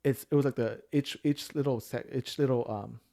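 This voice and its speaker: A man's voice: medium pitch, fairly even intonation, moderate pace, vocal fry, dark tone. Guy in his 30s rambling through a story, lots of likes and rights. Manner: rambling storyteller with many fillers. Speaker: podcast guest sharing his story. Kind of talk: casual chat.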